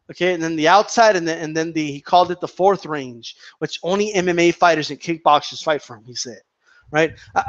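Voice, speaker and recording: A man's voice: sits high, highs cut off. A man giving an opinionated, profane rant as a boxing commentator, repeating and tripping over his words.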